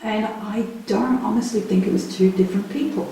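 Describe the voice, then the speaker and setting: A woman hosting a live ghost hunt in a dark stone prison cell, chatting nervously to her viewers. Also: mid-range voice, steady tone, fairly quick, creaky. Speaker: paranormal investigator and host. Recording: very echoey stone room with hiss.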